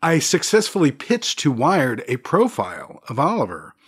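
A man as a guest, telling stories in an animated conversational way, laughing often. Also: fairly high pitch, normal speed, husky. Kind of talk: conversational storytelling.

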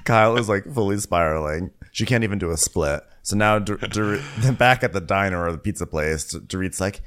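A man co-hosting a comedy podcast, recapping a reality show in a low, dry narrating voice and laughing at his own jokes. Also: fairly quick, fairly bright tone, smooth. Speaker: podcast co-host.

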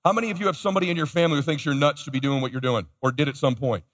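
A man's voice: on the high side, racing, fairly bright tone. A man giving a motivational keynote to a live audience, telling a story energetically and acting out the other people in it. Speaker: motivational speaker. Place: large conference hall. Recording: live hall with long reverb.

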